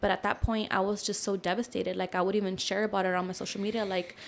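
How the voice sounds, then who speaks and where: A young woman, a podcast guest, telling a personal story in a casual, animated way, full of fillers, with lowered voices when she quotes others. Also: fast, vocal fry, a little hiss or hum.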